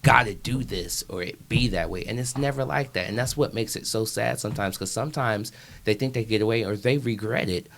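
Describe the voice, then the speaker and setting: A young man talking as a guest in a casual interview, earnest and emphatic, with sudden jumps in pitch. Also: brisk, creaky, a bit bright, a little hiss or hum.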